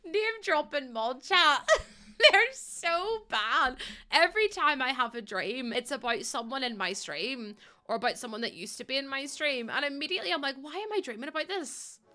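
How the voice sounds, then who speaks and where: A woman's voice: sits high, expressive, normal speed, bright, forceful tone. A young woman chatting casually with her live-stream viewers, bubbly and giggly. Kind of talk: casual live-stream chat while playing.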